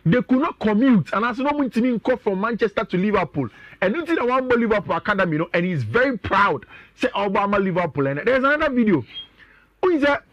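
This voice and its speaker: A man's voice: high voice, sing-song, quick pace, fairly bright tone, dry recording, highs cut off. A man with a Ghanaian accent, talking as a sports pundit on a radio show, chatty and often addressing his co-host.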